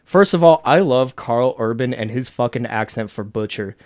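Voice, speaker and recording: A man co-hosting a podcast in casual chat, talking in an excitable, emphatic and profane way. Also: mid-range voice, moderate pace. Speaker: podcast co-host.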